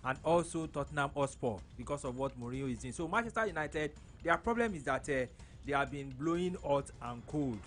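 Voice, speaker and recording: A man's voice: fairly high pitch, expressive, a little fast, a bit bright, a little hiss or hum. A man giving opinionated football analysis on live radio, often restarting his sentences. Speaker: studio football pundit.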